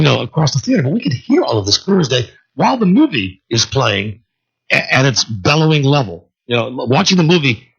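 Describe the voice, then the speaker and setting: A male talk radio host telling a long story solo, animated and acting out the people in it, on a dull lo-fi radio broadcast. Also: mid-range voice, gravelly, breathy edge.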